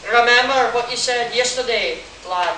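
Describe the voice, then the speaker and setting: A reader putting on a Scottish accent to voice a gruff, fevered male ship's engineer, reading to a live audience. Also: medium pitch, normal speed, pushed and bright, recorded from a distance, close to an everyday voice. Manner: laughs mid-line, breaking character. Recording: echoey room heard from afar, noisy.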